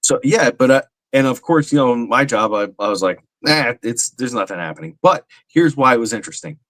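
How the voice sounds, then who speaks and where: A man's voice: medium pitch, fairly quick, fairly bright tone, no room sound, rough recording. A man, talking earnestly in a casual paranormal podcast, with many fillers. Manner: earnest, rambling, frequent fillers. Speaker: paranormal medium, podcast guest.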